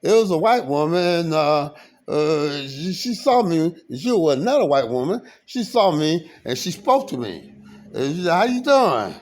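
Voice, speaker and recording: A man telling his own story in a rambling, halting way, repeating himself and restarting sentences with plenty of fillers. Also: on the high side, sing-song, a little mellow. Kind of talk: rambling personal account.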